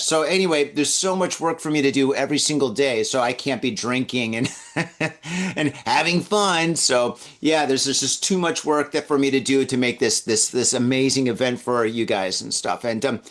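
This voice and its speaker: A man's voice: medium pitch, normal speed, a bit bright. A man hosting a casual podcast, talking in an enthusiastic, rambling way with lots of fillers. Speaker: podcast host. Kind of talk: casual chat.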